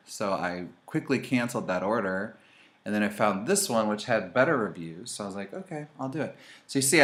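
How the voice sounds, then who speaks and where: A man hosting a casual makeup tutorial, chatty and animated, talking straight to his viewers as he demonstrates. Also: lowish voice.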